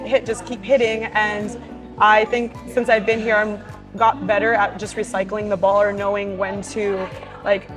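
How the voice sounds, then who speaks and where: A woman's voice: medium pitch, poor audio. Chatty young woman, music behind. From Hawaii. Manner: chatty and upbeat, with many fillers like "like" and "you know". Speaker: professional volleyball player. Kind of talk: casual Q&A, reading fan questions aloud and answering. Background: background music.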